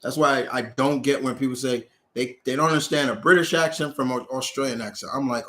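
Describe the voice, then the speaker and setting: A man's voice: medium pitch, fairly quick, hardly any pauses, pushed and bright. A man hosting a casual live Q&A, rambling through viewer questions and correcting himself mid-sentence. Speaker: host answering viewer questions.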